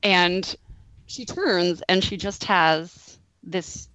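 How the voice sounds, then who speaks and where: A woman telling a lively story in casual podcast chat, laughing often. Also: fairly low pitch, very slow, muffled recording.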